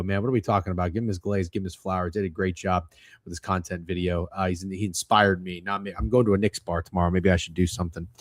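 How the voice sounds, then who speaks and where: A young man hosting a sports betting livestream, talking casually and excitably, swearing often and rambling through restarts as he runs through his picks. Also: on the low side, no room sound, clean studio sound. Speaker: sports betting show host.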